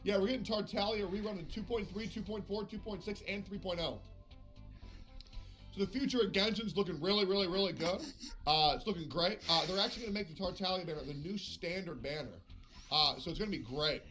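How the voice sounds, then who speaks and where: A man's voice: sits high, brisk, sharp tone, faint music behind. A man chatting on a live game stream, swearing often and slipping into passive-aggressive sarcasm. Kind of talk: casual live-stream chat.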